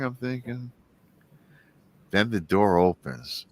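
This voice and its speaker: A man's voice: mid-range voice, takes it slowly, gravelly, a little hiss or hum. A man in his forties hosting a live talk show, telling a story casually, with many restarts and asides to his listeners. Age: 40s. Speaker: show host.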